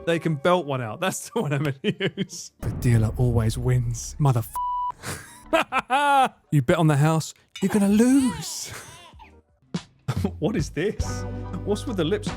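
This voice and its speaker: Excitable male streamer. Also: on the high side, a little slow, long pauses, music in the background. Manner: excitable, swears and laughs often. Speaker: livestreamer. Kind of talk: casual gaming livestream chat.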